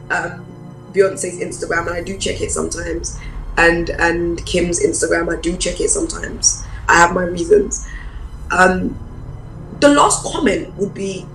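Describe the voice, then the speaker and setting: A woman pastor, preaching a personal testimony in an animated storytelling way. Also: mid-range voice, roomy sound, low-quality recording. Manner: animated storyteller, acts out quoted voices.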